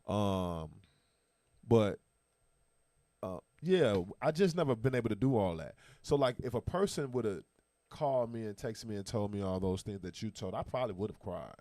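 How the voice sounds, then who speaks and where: A man with a somewhat low voice hosts a casual talk, speaking with emphatic, animated slang. The sound is dry and close, with no room echo. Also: moderate pace. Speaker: podcast host. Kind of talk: casual chat.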